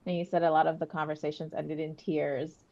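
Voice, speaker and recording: A woman's voice: deep voice, flat delivery, fairly quick, darkish tone, highs cut off. A woman hosting a webinar interview over a video call, asking questions in a conversational way with many fillers. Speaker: webinar host.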